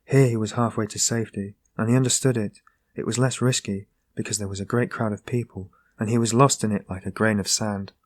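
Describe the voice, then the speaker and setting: A man narrating a classic novel as an audiobook, in a steady, measured reading. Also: on the low side, no echo. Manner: steady, measured reading that rises into voiced dialogue.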